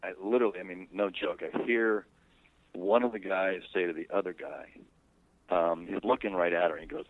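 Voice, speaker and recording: Deep-voiced man on a phone line. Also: fairly even intonation, dry recording. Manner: rambling, conversational and unhurried. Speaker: interviewee. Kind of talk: candid personal storytelling. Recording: dry, tinny phone line.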